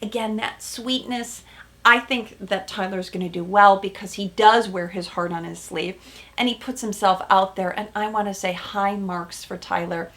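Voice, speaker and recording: A woman therapist hosting a casual recap of a reality show, animated and emphatic, with frequent "right?" asides. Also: medium pitch, normal speed.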